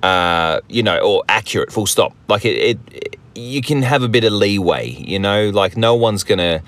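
A man's voice: on the low side, animated, normal speed, a bit bright. An Australian man hosting a hobby podcast, rambling and joking in a casual, self-deprecating way. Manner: rambling, jokey, self-deprecating, many fillers and restarts. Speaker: podcast host.

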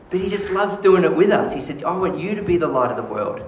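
Male pastor, slightly high voice, animated sermon storyteller, roomy echo. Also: fast talker, hardly any pauses, slight background noise.

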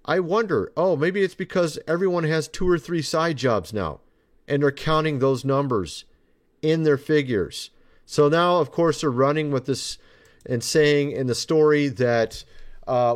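A man's voice: fairly high pitch, a little slow. A man hosting his own podcast, talking in a loose, rambling way and turning sarcastic often. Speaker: podcast host. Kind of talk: casual commentary monologue.

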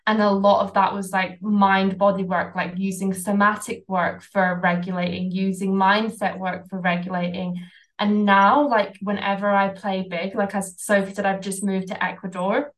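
A woman's voice: medium pitch, level tone, moderate pace, poor audio. Candid woman guest, casual swearing. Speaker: podcast guest, coaching client. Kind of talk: candid conversational storytelling.

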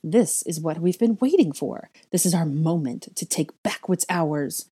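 A woman's voice: animated, measured pace, warm tone, breathy edge, exaggerated voice. A woman voicing a gleeful, bloodthirsty witch who giggles and spits her words, in a storybook reading. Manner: shrill, giggling, spiteful.

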